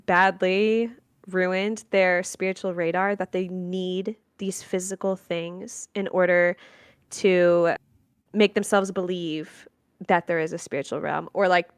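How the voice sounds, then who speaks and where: A woman speaks earnestly in casual discussion, stopping now and then to search for her words. Her voice is smooth and clear, and the recording is dry and close. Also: lowish voice, no room sound.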